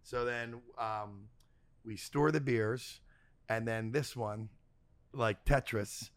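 A man who hosts the show, telling a story casually and reading an ad, animated and fond of swearing, acting out the quotes. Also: mid-range voice, slow pace.

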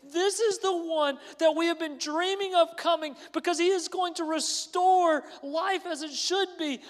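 Fervent fisherman's wife voiced by a man, impassioned, high voice, long reverb. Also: creaky, fairly bright tone, exaggerated voice. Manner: rising, impassioned pleading.

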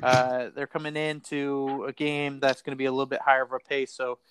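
A man's voice: medium pitch, level tone, fairly quick, a bit bright, clean tone, no echo. A man hosting a casual fantasy basketball talk show, rambling and repeating words as he thinks. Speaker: fantasy basketball podcast host. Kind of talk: casual sports betting chat.

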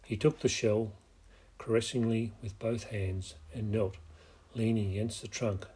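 A man narrating a novel as an audiobook, in a measured, steady way. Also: on the low side, husky.

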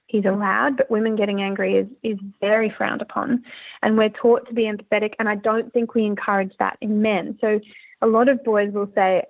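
Woman, from Australia, interview guest, earnest, rambling, gravelly, phone-line sound. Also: mid-range voice, flat delivery, brisk. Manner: earnest, candid, rambling with restarts. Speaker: musician guest. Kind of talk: casual interview talk.

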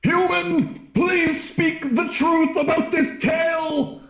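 A man doing a stiff, high-voiced formal adventurer. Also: fairly even intonation, slow, vocal fry, a bit bright, echoey room, dull audio, heavily acted.

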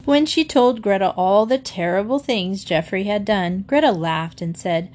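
A woman reading a children's book aloud with steady, clear narration. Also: mid-range voice, measured pace, few pauses. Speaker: storybook reader.

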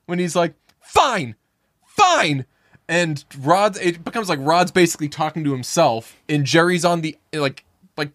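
A man chats casually on a podcast about a film, animated and loose, throwing himself into quoted lines and dropping the odd swear. His voice sits a little higher than most men's. The sound is dry and close, with no room around it. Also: dry recording. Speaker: podcast co-host. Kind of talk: casual chat about a movie.

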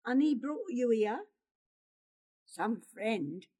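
A woman's voice: a little high, big pitch swings, very slow, dark tone, full character voice. A woman voicing an angry, distrustful boy who sneers and accuses. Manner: scornful, sneering.

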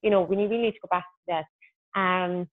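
A woman's voice: lowish voice, steady tone, brisk, no echo. A woman, a podcast guest talking in a chatty, practical way about her own habits. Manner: chatty, practical, self-deprecating. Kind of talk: casual podcast chat. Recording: dry, tinny phone-like line.

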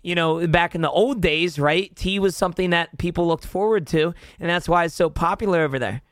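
A man hosts a relaxed interview chat, upbeat and casual in his delivery. His voice sits high for a man. The recording is dry and close. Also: a little fast, dry recording. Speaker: podcast host.

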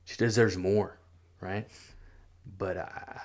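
A man telling a personal faith story in casual chat, earnest and halting, often repeating his words. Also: sits low, steady tone, a little mellow. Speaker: guest sharing testimony.

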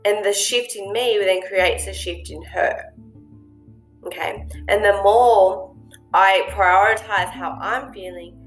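A woman's voice: mid-range voice, slow, soft background music. A woman hosting a casual monologue, speaking earnestly and reflectively with plenty of ums and you-knows. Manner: earnest, reflective, lots of fillers. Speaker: host.

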